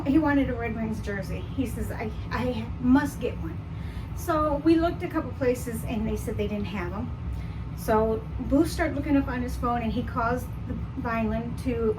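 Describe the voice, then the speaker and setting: Vlogger woman from the Detroit area, high voice, rambling chat, a little far from the mic. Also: noisy background. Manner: chatty and rambling, with frequent fillers. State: out of breath. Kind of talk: casual vlog chat. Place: indoors at home, then outdoors at a theme park.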